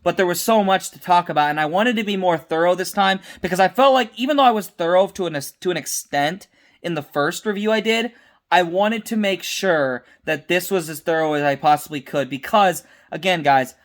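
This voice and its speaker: A man's voice: high-pitched, brisk. A tired young man giving a casual, unscripted episode review, rambling with restarts and mixing up names.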